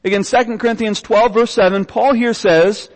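A man's voice: sits high, fairly even intonation, normal speed, long reverb tail, rough recording. A young man preaching a sermon, earnestly reading scripture aloud and often repeating his words. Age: young adult.

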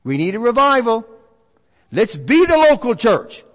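A middle-aged man preaching a revival sermon in a church, swinging from loud urgent exhortation to hushed earnest tones. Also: extremely high pitch, very animated, unhurried. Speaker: visiting preacher. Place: church sanctuary. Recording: long reverb of a church hall.

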